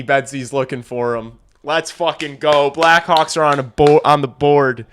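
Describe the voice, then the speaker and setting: Excitable young man calling hockey live. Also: a little high, a little slow, few pauses, smooth, faint music behind. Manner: excitable, swears freely, talks to chat. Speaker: livestream hockey watch-along host. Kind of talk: casual live play-by-play reaction.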